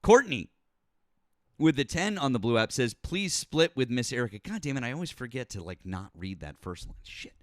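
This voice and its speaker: A man's voice: mid-range voice, sing-song, moderate pace, dry recording, studio quality. A man hosting a live call-in politics stream, arguing with callers in a blunt, sarcastic and profane way, then reading viewer messages. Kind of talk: heated live call-in debate.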